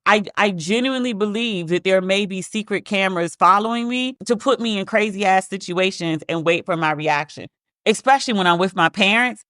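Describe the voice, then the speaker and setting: A woman's voice: medium pitch, moderate pace, no echo. Chatty woman podcast host, dry sound. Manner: chatty, animated storyteller acting out quoted voices. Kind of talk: casual storytelling monologue.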